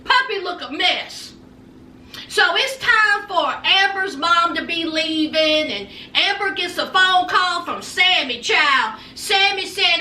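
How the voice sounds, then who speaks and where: Sassy high-voiced woman recapping TV. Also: slow pace, distant mic. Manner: sassy, gossipy, animated. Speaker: recap vlogger. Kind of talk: reality TV recap commentary. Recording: echoey room, off-mic, faint noise.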